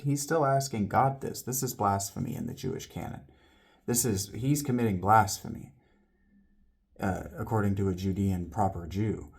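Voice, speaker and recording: A man's voice: on the low side, normal speed, a little mellow, slightly rough. Man musing aloud over a scripture text. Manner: thinking aloud, with restarts and asides; reads quoted scripture in a raised, emphatic voice. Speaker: podcast host reading scripture. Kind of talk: casual spoken commentary on a text.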